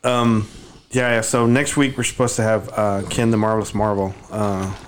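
A man hosting a casual podcast, telling long stories that wander off on tangents. His voice sits on the low side, and he laughs easily as he talks. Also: level tone, normal speed, slight background noise. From Oak Cliff, Dallas, Texas. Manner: rambling, laughing storyteller. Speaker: podcast host. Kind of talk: casual chat, storytelling.

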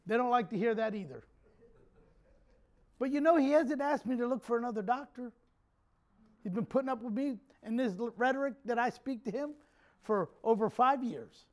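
A male pastor preaching a sermon to his church, animated, swinging from quiet jokey asides to loud shouts. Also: extremely high pitch, normal speed, long pauses.

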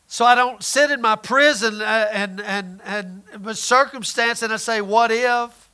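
A man's voice: sits high, a little slow, sharp tone, clean tone. A man preaching a conversational sermon, often repeating words and asking his listeners questions.

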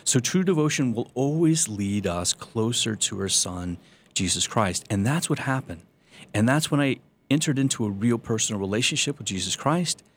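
A man's voice: medium pitch, expressive, normal speed, slight background noise. A man, a Catholic priest, telling his personal faith testimony with earnest storytelling and self-deprecating humor.

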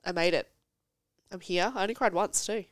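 This woman in her thirties is a podcast guest in casual conversation, and her voice is fairly low and moves at a normal speed. She tells stories with laughter and plenty of expression.

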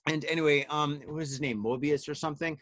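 A man's voice: fairly high pitch, fairly even intonation, fast talker, fairly bright tone, no room sound. A man hosting a casual podcast chat, tipsy from wine, telling rambling stories full of swearing and "dude". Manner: profane, rambling storyteller, says dude and man a lot. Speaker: podcast host.

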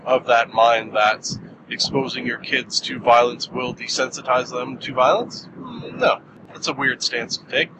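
A man's voice: medium pitch, background noise. Rambling male movie reviewer. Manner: rambling, jokey, many fillers. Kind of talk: casual film review monologue.

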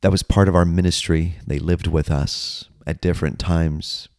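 A middle-aged man, a pastor and podcast host, earnestly telling his personal testimony with dramatic pauses. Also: sits low, steady tone, darkish tone, no echo, studio quality.

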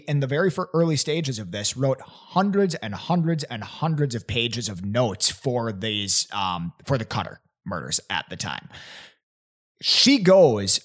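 A young man telling a story in casual chat, animated and laughing often, with many "like" fillers. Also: medium pitch. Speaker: podcast guest presenting a theory.

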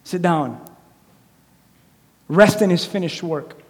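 Guy pastor preaching, super high voice for a man, acts out quotes, big church echo. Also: slow pace. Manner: animated, conversational preaching with acted-out quotes. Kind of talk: sermon. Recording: echoey hall reverb.

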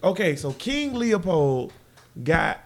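A man co-hosting a casual podcast, talking loud and laughing a lot. His voice sits a bit higher than most men's. He jumps in over the others in easy banter. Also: very animated, takes it slowly. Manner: loud, joking, laughs often. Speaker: podcast co-host.

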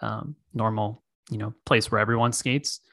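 A man hosting a podcast, chatting in an easygoing, measured way. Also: lowish voice, fairly even intonation, gravelly, fairly bright tone, dry recording, studio quality. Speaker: podcast host. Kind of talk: casual chat.

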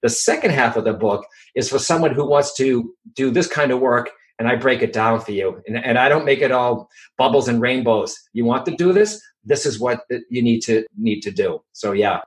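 A middle-aged man with a Boston accent, a medium and author chatting casually in an interview, animated and full of restarts. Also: mid-range voice, normal speed, few pauses, low-quality recording.

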